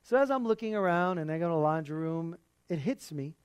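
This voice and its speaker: A man's voice: a little high, lively intonation, a little fast, clear, resonant tone, no room sound. A man preaching a sermon in an earnest, conversational way, with the odd laugh.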